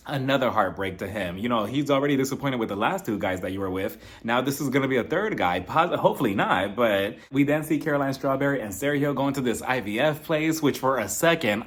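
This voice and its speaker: A chatty man recapping reality TV in a gossipy, casual way. His voice swings widely up and down as he acts out what people said in playful voices, and it sits in an ordinary middle pitch. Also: animated, a little fast. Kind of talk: casual episode review commentary.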